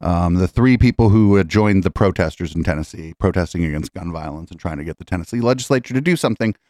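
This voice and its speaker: A man hosting a live podcast in casual commentary, profane and rambling, often clearing his throat. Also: low voice, expressive, fast, darkish tone, no echo, studio quality. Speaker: podcast host.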